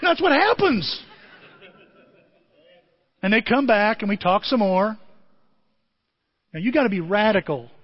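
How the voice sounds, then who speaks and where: Man, pastor, sermon, high voice, very animated, long hall echo, muffled lo-fi sound. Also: measured pace, pauses often. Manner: animated storytelling, shouting out in excitement. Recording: dull lo-fi audio in a reverberant hall.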